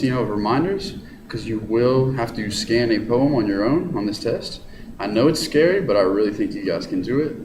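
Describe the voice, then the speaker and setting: A male teacher giving his students an encouraging review lesson, sounding out stress patterns aloud. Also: lowish voice. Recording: echoey room with noticeable background hiss.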